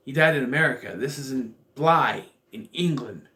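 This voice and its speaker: A man's voice: mid-range voice, moderate pace, pushed and bright. A man giving a casual spoken review of a show, rambling and thinking aloud as he restarts his sentences.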